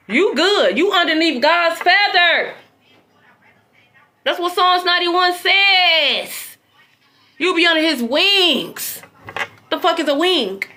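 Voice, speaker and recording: Brash, high-voiced tarot reader woman. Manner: blunt, profane, animated. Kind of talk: casual tarot reading livestream.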